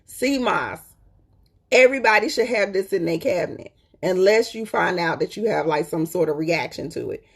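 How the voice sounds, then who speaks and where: Husky-voiced woman chatting with viewers. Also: on the low side, lively intonation, moderate pace. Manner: chatty and emphatic, repeats points, checks in with "okay?"; colloquial, addresses viewers as "y'all". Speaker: host. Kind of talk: casual live-stream chat.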